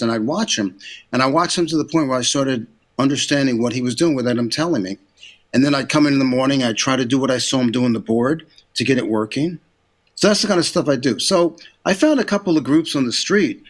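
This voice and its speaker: An older man, an interview guest, telling career stories in a casual, animated way and acting out quotes in a raised voice. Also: medium pitch. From United States. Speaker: interview guest, recording engineer and producer.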